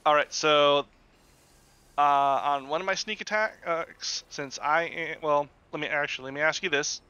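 A man's voice: fairly high pitch, unhurried, pushed and bright, clear, resonant tone, dry recording, highs cut off. A man playing a tabletop game who chats casually and thinks aloud while checking the rules. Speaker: player.

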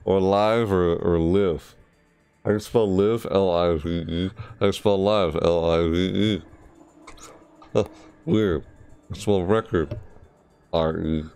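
Tired, gravelly-voiced man mumbling slowly. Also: sits low, fairly even intonation, dark tone, soft background music. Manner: mumbling, rambling to himself. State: tired, yawning. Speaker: game streamer. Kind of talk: casual live-stream commentary.

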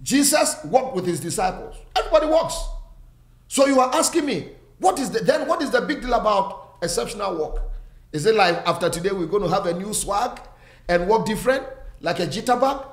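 A male preacher with a high voice delivers an emphatic sermon, repeating phrases and calling on his listeners directly. The sound carries a roomy echo. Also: animated, brisk.

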